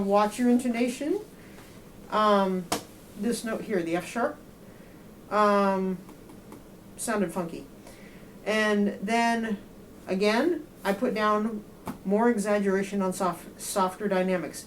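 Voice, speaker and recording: A woman's voice: medium pitch, slight background noise. A woman giving a student one-on-one feedback in a music lesson, direct and explaining with everyday comparisons. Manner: sings rhythms on nonsense syllables. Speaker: euphonium teacher.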